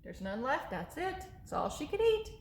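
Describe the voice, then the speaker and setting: A woman's voice: high voice, sing-song, moderate pace. A woman, a children's librarian, running a story time in an upbeat way and checking in with the children through frequent questions. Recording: echoey room.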